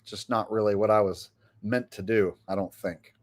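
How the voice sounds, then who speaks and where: A man's voice: fairly low pitch, fairly even intonation, normal speed, darkish tone, no room sound. A man hosting his own channel, answering viewer comments in a rambling, hesitant casual chat. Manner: rambling and hesitant, many fillers. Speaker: host.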